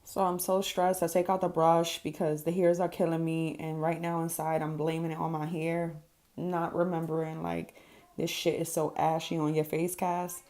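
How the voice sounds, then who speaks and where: A woman's voice: low voice, flat delivery, normal speed, a little mellow. A woman talking casually through her makeup routine as a vlogger, candid and swearing freely with lots of ums. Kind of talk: casual makeup tutorial voice-over.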